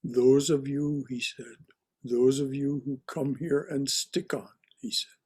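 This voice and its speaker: A man teaching a religious class, reading stories aloud slowly and deliberately and stopping to comment on them. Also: medium pitch, steady tone, a little mellow, husky. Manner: slow, deliberate reading with repetitions and restarts. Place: online class.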